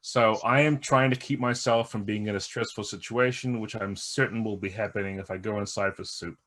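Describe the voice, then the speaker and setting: A man's voice: on the low side, steady tone, brisk, a bit bright. A man who plays in a tabletop game and explains its rules in an earnest, explanatory way.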